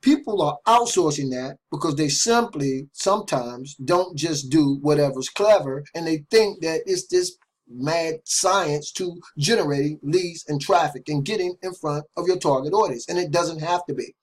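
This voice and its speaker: A man's voice: a little high, moderate pace. A middle-aged man talking casually to camera about his marketing system, repeating himself, often tagging "right?" and restarting phrases. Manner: repetitive, chatty, keeps asking "right?"; restarts and stumbles over words. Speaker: online marketing vlogger. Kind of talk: casual direct-to-camera sales talk.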